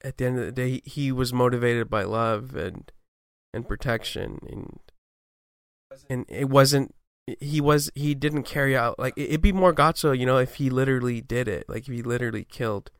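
Smooth-voiced man analyzing a show. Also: mid-range voice, normal speed. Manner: thoughtful, hedging, many restarts. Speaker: podcast co-host. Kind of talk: casual analysis chat.

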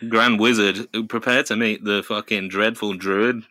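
A man's voice: on the low side, steady tone, unhurried, bright, forceful tone, no room sound. A man co-hosting a comedy podcast, swearing freely and riffing into silly bits. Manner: swearing, riffs into silly voices. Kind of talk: crude comedic podcast banter.

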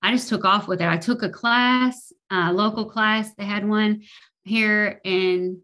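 A woman's voice: medium pitch, fairly even intonation, unhurried, pushed and bright. A woman with a Kentucky accent, a podcast guest telling her personal story hesitantly with lots of fillers. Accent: Kentucky Southern American. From Kentucky, USA. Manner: hesitant, many fillers, laughs easily.

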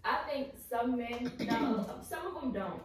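A woman guest on a casual talk show, making her points in a measured, reasoned way. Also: a little high, expressive, a crowd in the background. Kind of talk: casual chat. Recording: very echoey room, distant mic, faint noise.

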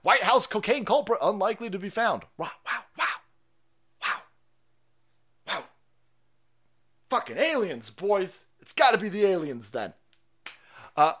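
Bright, animated, swearing stream host. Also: male voice, high voice, a little slow, pauses often, breathy edge. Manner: profane, mocking, laughs often. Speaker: livestream host. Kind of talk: ranting livestream commentary.

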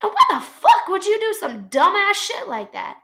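A woman co-hosting a casual podcast, telling an angry story with plenty of swearing. Her voice sits high and sounds bright and sharp. She tells it in an animated way, one mother venting to another. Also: moderate pace. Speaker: podcast co-host. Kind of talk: casual ranting chat.

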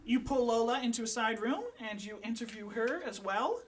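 A woman's voice: a little high, expressive, moderate pace. A woman narrating a tabletop mystery game as game master, in a vivid, dramatic way.

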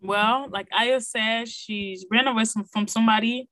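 A high-pitched woman chats on a podcast, loud and exuberant, hyping up and teasing her co-host. Her voice is bright and sharp, recorded dry and close. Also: fairly even intonation, unhurried, no room sound, poor audio. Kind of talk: casual chat.

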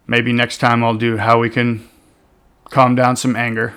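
Gravelly, blunt man giving advice. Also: mid-range voice, a little slow. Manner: blunt, animated, swears casually, swings between loud emphasis and soft asides. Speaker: relationship advice vlogger. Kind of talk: casual advice monologue.

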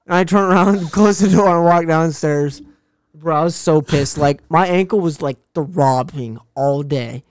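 A young man with a smooth, clear voice and a slightly raised pitch tells a story loosely and with a lot of swearing. The sound is close and dry, with almost no room around it. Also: a little slow, dry recording. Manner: profane, animated storyteller. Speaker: podcast co-host. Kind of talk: casual chat, storytelling.

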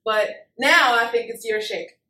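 Giggly high-voiced woman co-host. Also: a little slow, sharp tone, a little hiss or hum. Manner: giggly, enthusiastic. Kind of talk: casual chat. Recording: echoey room, mic at a distance.

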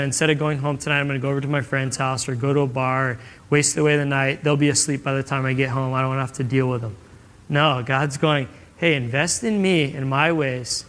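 A man's voice: mid-range voice, fairly bright tone, clear, resonant tone, in a large hall. A young adult man giving a casual, conversational sermon, telling stories and acting out what people say. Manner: casual, conversational storytelling with acted-out quotes. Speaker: pastor.

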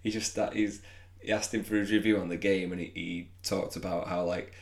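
A man's voice: deep voice, flat delivery, brisk. A man co-hosting a football podcast, chatting loosely, rambling and laughing at himself. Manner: rambling, self-mocking, laughs often. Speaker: podcast co-host. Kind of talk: casual chat.

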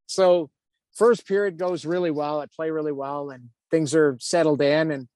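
Telling a story at normal speed in a casual interview, a fifties-aged ex-goalie who now works as a TV hockey analyst has a somewhat high voice. He is animated, acts out quotes and fills his speech with "like." The recording is dry.

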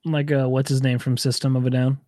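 A man's voice: medium pitch, level tone, brisk, mellow, no echo, studio quality. A man co-hosting a podcast in casual chat, rambling, swearing and laughing often. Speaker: podcast co-host.

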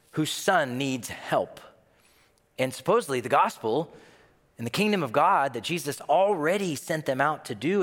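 Animated male preacher in a reverberant hall. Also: fairly high pitch. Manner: animated storytelling, acting out quoted voices. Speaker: pastor. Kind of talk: sermon.

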